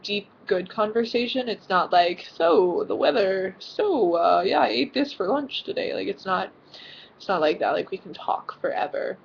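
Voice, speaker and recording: A woman's voice: on the low side, creaky, highs cut off, slight background noise. A teenage girl vlogging casually from her bedroom, rambling with lots of fillers and giggles. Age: teens. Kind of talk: casual vlog chat. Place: own bedroom.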